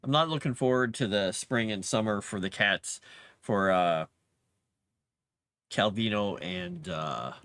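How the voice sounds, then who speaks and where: A man's voice: lowish voice, unhurried, long pauses, fairly bright tone, smooth, no room sound. A man casually chatting while building a fantasy map, muttering to himself and cooing at his cat. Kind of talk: casual livestream chat while working.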